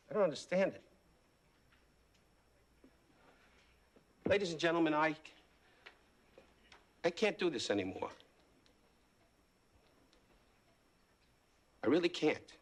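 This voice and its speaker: A smug, insulting late-night host. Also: male voice, a little high. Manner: mocking, brash, insulting. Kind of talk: sitcom acting. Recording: sitcom audio with loud audience laughter and noise.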